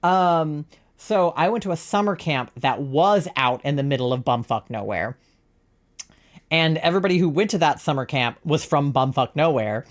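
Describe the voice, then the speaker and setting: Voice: mid-range voice, lively intonation, normal speed. A young adult streamer from Virginia chatting casually during a live gaming stream, rambling, swearing freely and laughing often.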